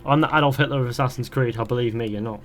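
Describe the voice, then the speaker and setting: Rapid-fire and medium-pitched, a young streamer chats while playing live, reading viewer questions aloud and rambling through answers. A little hiss or hum sits under the audio.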